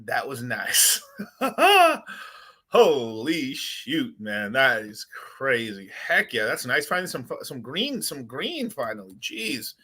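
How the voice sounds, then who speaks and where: Brief: bright-voiced male streamer, rambling and excitable, casual commentary. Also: medium pitch, slow, hardly any pauses, breathy edge. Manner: rambling, excitable, chats with viewers. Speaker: crypto livestream host.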